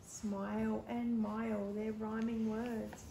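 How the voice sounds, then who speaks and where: A woman reading her own picture book aloud to children in a gentle, explaining manner. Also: fairly high pitch, level tone, takes it slowly, vocal fry, reverberant, slight background noise. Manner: gentle, explaining to young kids. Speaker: teacher.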